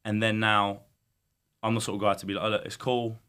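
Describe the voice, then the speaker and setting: A man's voice: fairly low pitch, a little fast, clean tone. A young man, a guest in casual chat, telling stories bluntly with plenty of slang. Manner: blunt, animated storytelling with slang.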